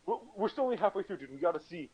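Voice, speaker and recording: Fast-talking wry man, lo-fi sound. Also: high voice, very animated, breathy edge. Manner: quick, wry remarks. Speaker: podcast host. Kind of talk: casual chat. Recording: dull lo-fi mic.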